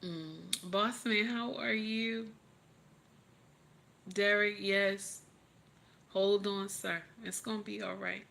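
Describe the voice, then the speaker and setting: Slow, bright-voiced woman preaching encouragement. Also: mid-range voice, fairly even intonation, vocal fry. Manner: preachy, repeats encouragements over and over. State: tearful. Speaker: livestream host. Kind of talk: emotional motivational livestream talk.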